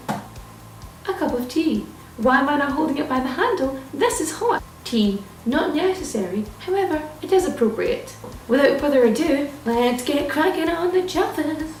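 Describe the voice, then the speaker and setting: A woman's voice: sits high, echoey room, recorded from a distance, rough recording. A young woman hosting a mock-instructional comedy vlog in a playful, mock-serious tone. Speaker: vlogger.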